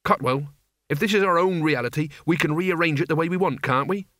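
A man's voice: a little high, brisk, a bit bright, dry recording, studio quality, natural voice. A man voicing a desperate, worn-out young hero who mutters and snaps. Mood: weary. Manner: weary, muttering, then fierce.

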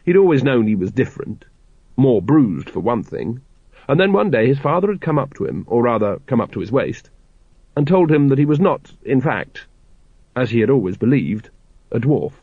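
A man's voice: medium pitch, very animated, husky, no room sound. Wry male audiobook narrator. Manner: wry, measured storytelling. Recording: dry, dull lo-fi audiobook recording.

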